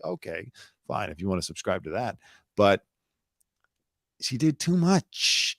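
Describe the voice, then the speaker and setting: A man's voice: medium pitch, dry recording, studio quality. A man hosting his own live show, giving blunt, sarcastic commentary with casual swearing. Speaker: host.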